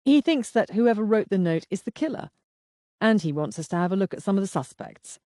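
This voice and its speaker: A woman reading the lines of a suave, teasing husband in an audiobook, in a dry, unhurried manner. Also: medium pitch, expressive, mellow, no room sound, voice pushed up, lightly acted. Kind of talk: audiobook dialogue.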